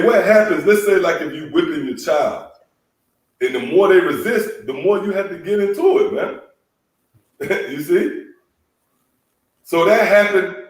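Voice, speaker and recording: A man preaching through a scripture lesson with emphatic calls and a slightly high voice. He is heard from a distance in a very echoey room. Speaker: teacher leading a scripture lesson.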